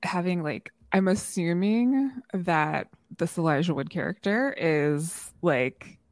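A woman's voice: lowish voice, animated, slow pace, dry recording, clean studio sound. A woman co-hosting a podcast, reacting playfully in casual TV recap chat. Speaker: podcast co-host.

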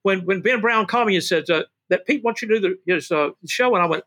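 This excitable older man, a guest who once managed wrestlers, speaks fast in a bright, high voice. In an animated storytelling interview he hollers "woo" and calls everyone baby or brother.

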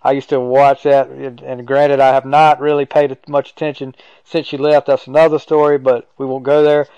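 A man's voice: mid-range voice, level tone, moderate pace, a little mellow, clean tone, no room sound, lo-fi sound. A man hosting a casual interview, speaking hesitantly with repeated words and an agreeable manner. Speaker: podcast host.

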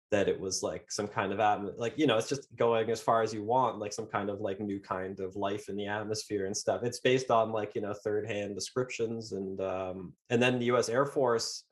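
A man talking as a podcast guest, explaining things casually with many pauses and fillers. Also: on the low side, steady tone. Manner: hesitant, full of fillers and restarts. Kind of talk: casual conversational interview.

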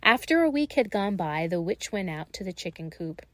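A woman reading a fairy tale aloud in a slow, gentle and expressive way. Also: on the low side, no echo. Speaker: storyteller.

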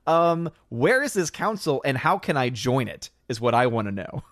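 A man's voice: mid-range voice, very animated, normal speed, a bit bright, dry recording, clean studio sound. A man hosting a casual podcast, reading out chat comments, rambling and laughing often.

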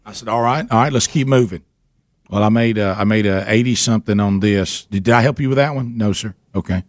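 A man hosting a radio show, telling a story in a casual, animated way with laughter and repeated words. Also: lowish voice, a little fast, dry recording, clean studio sound.

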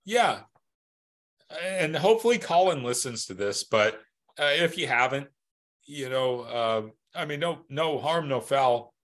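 A man's voice: medium pitch, animated, unhurried, a bit bright. A man co-hosting a podcast in loose, profane casual chat, laughing often and stumbling over restarts. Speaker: podcast co-host.

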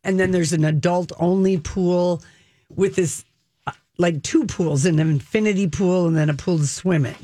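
A middle-aged woman telling a lively story in casual chat, her pitch leaping up for emphasis. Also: normal speed, dry recording. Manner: animated storyteller, exaggerated pitch jumps.

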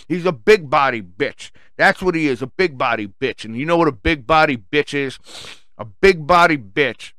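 Angry New man, mocking and profane, bright and crisp voice. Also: fairly high pitch, no echo. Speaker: storyteller. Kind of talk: profane ranting storytelling.

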